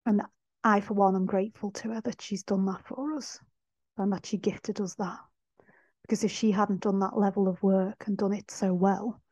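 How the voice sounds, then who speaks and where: A woman hosting a podcast, talking in a heartfelt, soft-spoken way and laughing often. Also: medium pitch, no echo. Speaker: podcast host. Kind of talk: reflective spiritual monologue. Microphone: no microphone. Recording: dull dry sound, no microphone.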